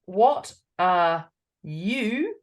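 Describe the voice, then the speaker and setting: Australian woman, podcast co-host, husky and hoarse-sounding, playful, chatty and quick to laugh. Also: lowish voice, animated. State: husky, throat going hoarse. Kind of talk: casual chat.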